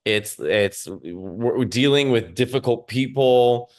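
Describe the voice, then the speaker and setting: Speaking slowly at a medium pitch, a stand-up comedian with a Chicago accent chats casually in a remote interview from home. As the guest, he rambles, using lots of fillers and restarts.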